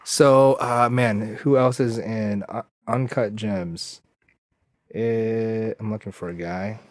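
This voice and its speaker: A man's voice: fairly low pitch, steady tone, slow pace, darkish tone, dry recording, studio quality. A man from Southern California in casual podcast chat, laid-back and enthusiastic, calling people dude and bro.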